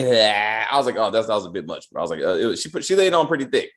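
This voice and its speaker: A man's voice: on the low side, expressive, quick pace. A man hosting a casual review chat, joking and using loose slang. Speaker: podcast host reviewing a TV episode.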